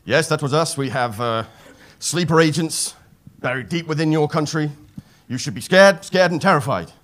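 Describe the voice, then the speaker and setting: A man voicing a bumbling male terrorist who answers the phone in a deliberately bad put-on accent. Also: lowish voice, voice pushed down, close to an everyday voice. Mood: flustered.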